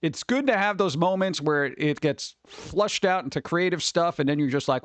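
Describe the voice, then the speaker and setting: Speaking at a normal speed with few pauses, a middle-aged man on the high side of the pitch range hosts a laid-back stream with no room sound. His manner is over-caffeinated: he rambles to viewers, swears, and acts out the people he describes.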